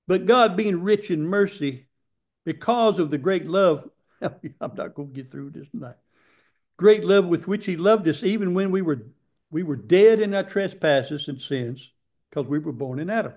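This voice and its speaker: A man preaching a sermon, getting excited and repeating scripture lines for emphasis. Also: sits high.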